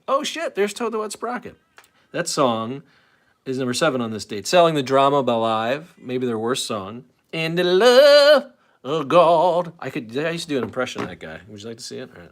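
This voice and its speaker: A man in his late forties hosts a live stream, talking off the cuff. He wanders between thoughts, restarts his sentences and answers viewers' comments as they come in. His voice sits at an ordinary pitch for a man. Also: fast talker, fairly bright tone. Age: late 40s. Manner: rambling, self-interrupting, reads chat aloud. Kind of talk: casual live stream chat.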